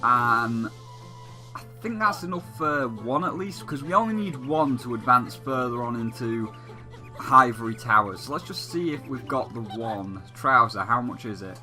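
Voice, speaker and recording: A young man rambles through casual gameplay commentary, talking in quick, chatty bursts. His voice has a very bright, sharp tone. Faint game music plays underneath. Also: mid-range voice, expressive. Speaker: let's play gamer.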